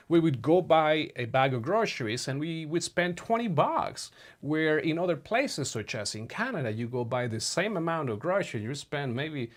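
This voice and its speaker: Chatty man telling a story to viewers. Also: mid-range voice. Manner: chatty, addresses viewers as friends, many fillers. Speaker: vlogger. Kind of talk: casual storytelling to camera.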